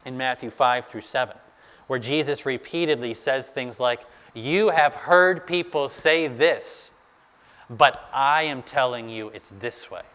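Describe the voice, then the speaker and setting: A male pastor preaching a sermon, telling the story in an animated way and urging his listeners to imagine the scene. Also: medium pitch, big-room sound.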